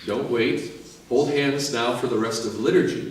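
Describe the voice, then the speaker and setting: A male priest preaching a sermon, lively and joking as he urges the listeners on. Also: medium pitch, normal speed, noisy background. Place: large church. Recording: echoey church from far off.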